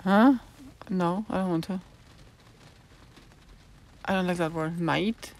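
A woman's voice: on the low side, fairly even intonation, slow, darkish tone, a little hiss or hum. A woman hosting a live stream, musing in a rambling way and stopping often to search for words. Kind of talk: casual live-stream monologue answering chat.

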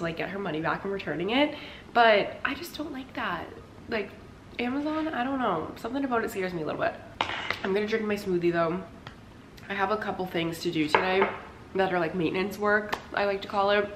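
A woman's voice: mid-range voice, a bit bright. A young adult woman chatting casually to camera at home for her vlog, rambling and peppering her talk with "like". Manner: chatty and rambling, heavy use of "like". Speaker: lifestyle vlogger. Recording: roomy echo with faint noise.

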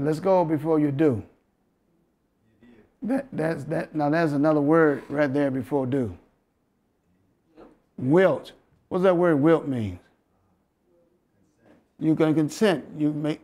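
A man's voice: fairly high pitch, a little mellow. A man with a Southern American accent giving an interactive Bible health lesson, preaching and coaxing the audience with questions and chuckles. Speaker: health lecturer.

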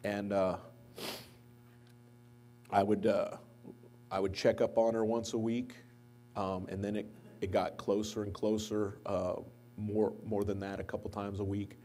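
A man's voice: on the low side, measured pace, pauses often, slight background noise. A man, likely a pastor, giving a eulogy at a church memorial service, telling anecdotes and livening up when he quotes others. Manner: anecdotal storytelling, lively when quoting others. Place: church sanctuary.

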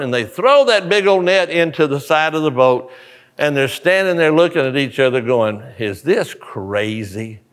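Male pastor, unhurried and lively in pitch, animated sermon storytelling, church hall with long reverb. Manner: animated storytelling, acts out characters. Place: church sanctuary.

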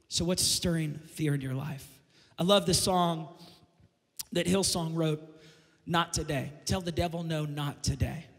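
A male pastor delivers a fiery sermon, rising again and again into shouted peaks. His voice sits high for a man. A long reverb from the church hall trails after every phrase. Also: fairly even intonation, measured pace, vocal fry. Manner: impassioned, building to shouted climaxes. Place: church sanctuary.

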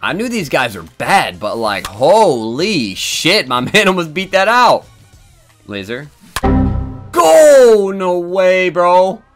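A man commentating his own game with a very lively, jumpy pitch, dropping to grumbles one moment and shouting the next. He curses freely and talks straight at the players on screen. Faint game music sits under his voice. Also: unhurried. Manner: swings from muttering to yelling, swears a lot. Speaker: gaming YouTuber. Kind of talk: excited live gameplay commentary.

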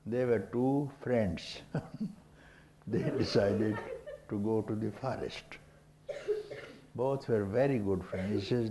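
An older man giving a spiritual discourse to a gathering, unhurried and teasing, often chuckling and prompting his listeners with a questioning "hmm?". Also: on the low side, dark tone, slight background noise, poor audio. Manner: chuckles often while talking. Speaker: spiritual teacher.

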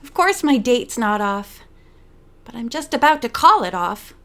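A woman's voice: on the high side, sing-song, measured pace, a bit bright, exaggerated voice. A woman reading the part of an earnest, worried young woman detective in an audiobook. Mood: eager. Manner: earnest, eager.

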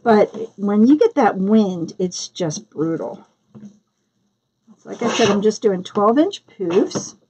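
A woman's voice: medium pitch, animated, takes it slowly, mellow, slightly rough. A middle-aged woman hosting a live craft tutorial, chatting casually and greeting viewers by name as she works. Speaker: crafting livestream host.

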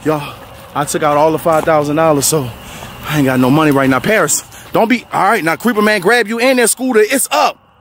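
A man hosting a family skit vlog, talking excitedly to a phone camera, often shouting. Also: a little high, brisk, a little hiss or hum. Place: outdoors at night, then in a car.

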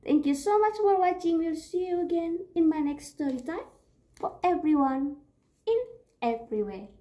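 A young woman reading a children's picture book aloud at story time, playful and animated, with gasps and giggles. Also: very high-pitched, normal speed.

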